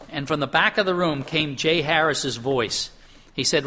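A middle-aged pastor delivers a sermon in a clear, bright voice that sits a little high for a man. He talks earnestly, pushing up in pitch for emphasis and sinking to a hush on solemn points. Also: moderate pace.

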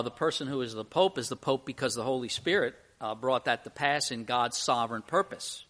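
Bright, animated male preacher. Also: medium pitch. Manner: animated storytelling, rising loud for emphasis. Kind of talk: sermon.

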